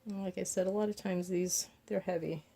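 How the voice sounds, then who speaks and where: A woman's voice: lowish voice, steady tone, normal speed, creaky, mellow. A woman vlogging as she paints, thinking aloud about her choices and tossing in playful asides. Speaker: craft vlogger. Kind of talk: casual talk while painting.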